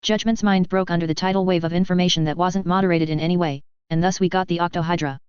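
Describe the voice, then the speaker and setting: An audiobook narrator reading fanfiction in an even, measured way. The voice is very smooth and clean, recorded dry with no room sound, and the audio is a little dull and lo-fi. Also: mid-range voice, no room sound.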